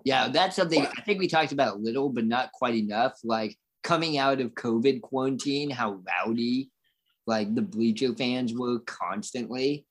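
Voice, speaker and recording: A man hosting a casual chat, quick to react and tease his guest. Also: mid-range voice, breathy edge.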